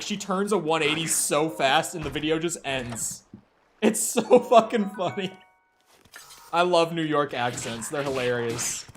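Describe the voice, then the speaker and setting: A man's voice: a little high, fairly bright tone. A man streaming a game, chatting casually with viewers, rambling and joking with frequent laughs. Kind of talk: casual chat with viewers while gaming. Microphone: headset or desk mic, wears headphones.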